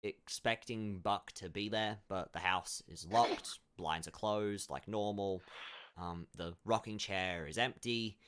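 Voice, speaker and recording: A man's voice: fairly low pitch, takes it slowly, a bit bright, clean tone. A man narrating as game master in a casual, meandering way, with lots of fillers and restarts.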